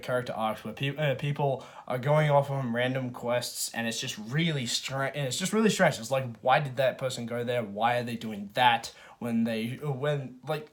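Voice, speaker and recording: Male reviewer, mid pitch, loose chatty delivery, lots of false starts and filler, casual swearing. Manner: rambling, many restarts and fillers. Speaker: movie reviewer. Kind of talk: casual spoken film review.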